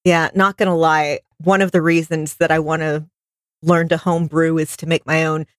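A woman's voice: low voice, flat delivery, normal speed, no room sound, studio quality. A woman co-hosting a podcast, frank and enthusiastic in casual chat. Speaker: podcast co-host.

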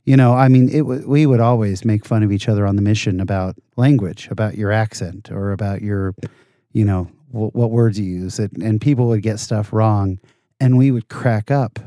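A man in casual conversation as a guest, telling animated, self-deprecating anecdotes. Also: on the low side, moderate pace, no room sound, clean studio sound.

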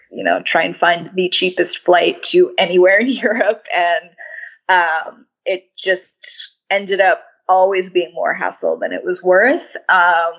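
Slow-talking woman, dull lo-fi sound. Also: fairly low pitch, fairly bright tone. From New York City. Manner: rambling, frequent restarts and laughs. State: losing her voice. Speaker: guest. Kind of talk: casual interview conversation. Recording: dull lo-fi audio.

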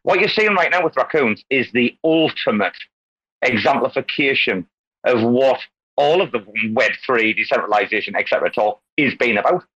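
A man hosts a casual community voice call, talking in loops and repeating phrases as his excitement builds. His tone is bright and pushed, and the call audio sounds muffled and lo-fi. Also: medium pitch, moderate pace, husky, no echo. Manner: rambling, repeats himself, excitable, calls people darling. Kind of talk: casual online group chat.

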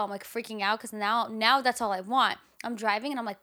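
A woman's voice: fairly high pitch, fairly even intonation, quick pace, few pauses, a bit bright. A young woman in her twenties chatting casually as a podcast co-host, swearing freely and saying "like" a lot. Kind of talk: casual chat.

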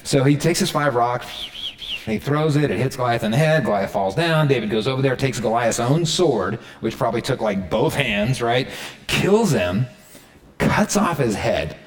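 A man's voice: mid-range voice, normal speed. A man preaching a sermon in a casual, conversational way, retelling a story and checking in with his listeners. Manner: conversational, animated, keeps checking in with the audience. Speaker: pastor.

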